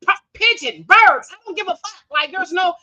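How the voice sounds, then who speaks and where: A woman's voice: extremely high pitch, expressive, a little fast, sharp tone, dull audio. A woman hosting a live stream, talking bluntly and emphatically in support of her guest. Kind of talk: casual live-stream chat.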